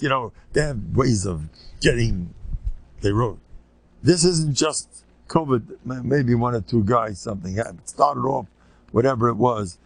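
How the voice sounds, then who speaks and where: An older man, a rabbi, giving a rambling informal lecture full of anecdotes and Yiddish words, sometimes squeaking out children's voices. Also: creaky, husky. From United States.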